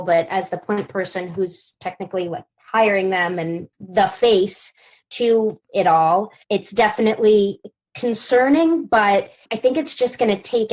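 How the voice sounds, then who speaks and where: A woman's voice: medium pitch, rough recording. Woman giving long thoughtful panel answers. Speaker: producer, panel guest. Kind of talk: casual panel discussion.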